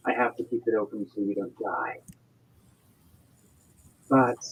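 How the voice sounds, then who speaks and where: A man's voice: medium pitch, darkish tone, breathy edge. A man voicing a blunt, bossy old witch grandmother in a tabletop game, with lo-fi stream audio. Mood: scheming. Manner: brusque, bossy and crude.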